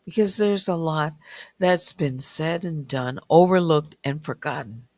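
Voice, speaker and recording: A late-night stream host talks slowly and softly in a small warm room, sometimes sinking into a whisper. The voice is a little dry and strained, with a mid pitch. The sound is close and dry, with no room echo. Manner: slow, quiet, often near a whisper.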